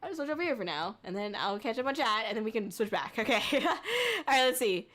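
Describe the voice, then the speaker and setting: A woman's voice: on the high side, expressive, a bit bright. Giggly, foul-mouthed woman streamer. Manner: giggly, swears freely, quick thank-yous to chatters. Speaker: VTuber streamer. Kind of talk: casual livestream chat, reading viewer messages aloud.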